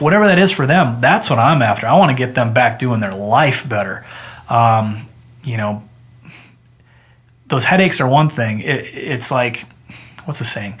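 A man's voice: a little high, lively intonation, fairly quick, fairly bright tone. Chatty, earnest man guest. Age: adult with children. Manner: earnest, chatty, with frequent restarts. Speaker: chiropractor, podcast guest. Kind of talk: casual interview chat.

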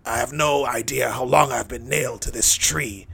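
A man playing a gravelly, bitter dying thief. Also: normal speed, fairly bright tone, exaggerated voice. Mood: brooding. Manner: brooding, cynical, low-key. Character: hardened dying male thief on a cross, bitter. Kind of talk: dramatic first-person monologue.

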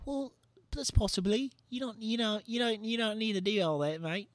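A man's voice: sits high, normal speed, no room sound, voice pushed up, close to an everyday voice. A man doing a mock New Zealand accent as a rambling, laid-back bloke who keeps saying "mate". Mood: joking. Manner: says "mate" a lot, rambling and drawling. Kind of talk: comic accent impression.

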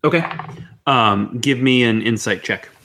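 A man's voice: medium pitch, measured pace, bright, forceful tone, slight background noise. A man narrating as game master of a tabletop game, hesitant, with many fillers.

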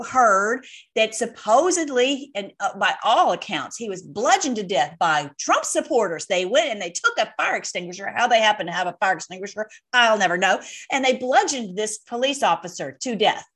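A woman hosting her own online video, talking casually to viewers in a rambling, excitable way and laughing often. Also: a little high, moderate pace. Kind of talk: casual monologue to camera.

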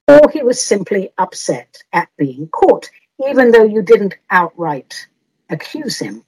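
A woman hosts an advice podcast, answering listener letters playfully and teasingly and laughing often. Her voice is a little high and husky, and the recording is rough.

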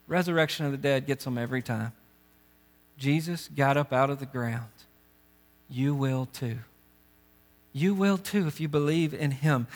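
A man's voice: a little high, fairly even intonation, normal speed. A male pastor giving a sermon, earnest and urgent, pressing direct questions on his congregation. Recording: long reverb of a big hall.

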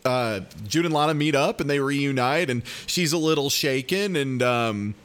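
A man's voice: medium pitch, normal speed, fairly bright tone, clear, resonant tone. A man co-hosting a podcast, recapping an episode in casual chat with laughs and mock outrage. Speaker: podcast co-host.

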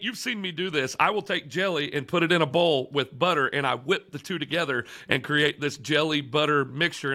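Guy cohosting a podcast, kinda high bright voice, laughs a lot telling stories. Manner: animated storytelling with laughs. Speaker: podcast co-host. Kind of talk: casual chat.

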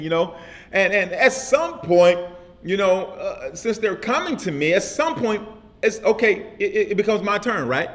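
Casting: male pastor with a high voice, casual vernacular, repetitive call-and-response sermon delivery. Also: animated, moderate pace. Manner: repetitive call-and-response preaching with frequent "amen?".

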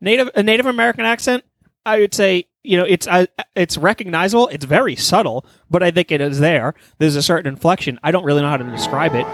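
A man's voice: high-pitched, quick pace, fairly bright tone, no room sound. A man on a podcast in casual chat, rambling and flustered, swearing often and laughing nervously. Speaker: podcast co-host. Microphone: studio microphone.

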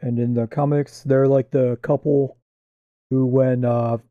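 A man's voice: mid-range voice, little pitch movement, a little slow, no echo, narrow, tinny audio. A man chatting casually as co-host, mostly chiming in with short replies and guesses. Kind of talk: casual chat.

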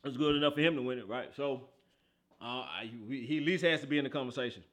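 A man hosting a casual football podcast, talking in animated, slangy banter and laughing often. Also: mid-range voice, fast. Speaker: podcast host. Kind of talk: casual football talk show.

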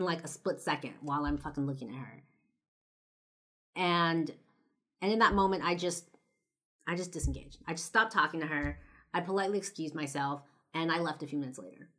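A young woman vlogger from Los Angeles, United States shares a personal story on camera in a voice that sits low, with a bright, forceful tone. Her talk is loose and chatty, packed with "like" and "you know," and includes some blunt swearing.

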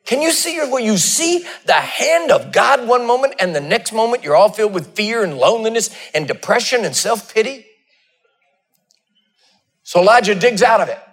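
A man's voice: sing-song, normal speed, pauses often, a bit bright. A man preaching a sermon, telling stories and acting out the dialogue with big swings in his voice. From Texas. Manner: storytelling, acting out dialogue with wide swings in pitch.

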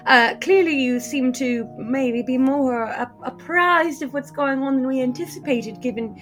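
A woman voicing a polite adventurer who speaks to a king in a courteous, halting manner. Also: sits high, a bit bright, soft background music.

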